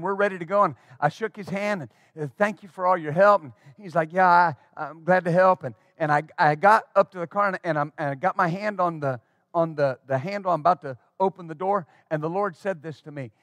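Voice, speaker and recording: A middle-aged man pastor telling a folksy story in a sermon, animated and full of restarts. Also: high-pitched, brisk, no echo. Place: church.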